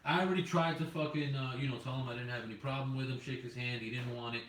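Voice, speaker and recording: A man's voice: mid-range voice, fairly even intonation, quick pace, a bit bright. A man telling a profane, heated work story in casual podcast chat. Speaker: podcast co-host. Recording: roomy, distant mic with faint noise.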